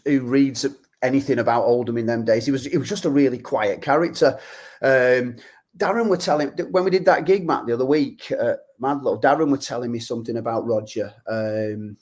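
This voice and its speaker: Man, 40s, podcast guest, halting rambling storyteller. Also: medium pitch. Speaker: guest, former youth player and musician. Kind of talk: casual chat.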